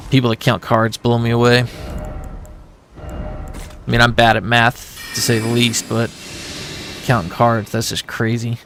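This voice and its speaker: A man's voice: mid-range voice, completely flat delivery, unhurried, pauses often, a bit bright, faint music behind. A man telling a long rambling story to his viewers as he plays a game live. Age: adult with a son. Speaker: gaming streamer. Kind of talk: casual chat while playing a game.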